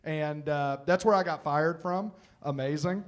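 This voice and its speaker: A man in his thirties, a comedian and former teacher, telling stories live on stage into a handheld mic, animated and jokey with quiet reflective stretches. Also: on the high side, a little slow.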